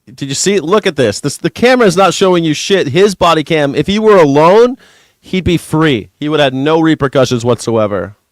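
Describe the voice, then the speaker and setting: A man's voice: on the high side, expressive, normal speed, no room sound, studio quality. A man hosting a live news reaction stream, talking sarcastically and with plenty of profanity as he mocks the footage and thanks members. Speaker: news reaction show host.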